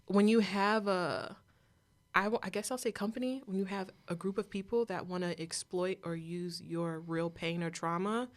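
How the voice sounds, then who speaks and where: A woman's voice: lowish voice, normal speed. A young woman as an interview guest, telling her story candidly and animatedly, acting out other people's voices as she goes.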